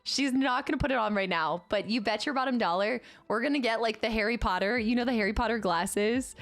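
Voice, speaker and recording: A woman's voice: a little high, brisk, dry recording. Bubbly chatty woman streamer. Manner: bubbly and chatty, coos at her pet. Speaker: livestreamer. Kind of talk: casual livestream chat.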